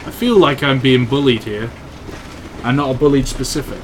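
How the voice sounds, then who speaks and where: A young Welsh man talks through a live stream in a loose, joking way, ribbing his chat between remarks on the game. His voice sits at an ordinary middle pitch, with a faint hiss behind it from his home desk mic. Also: moderate pace. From Wales. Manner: chatty and teasing, answers chat messages. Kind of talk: casual live-stream commentary. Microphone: desk microphone.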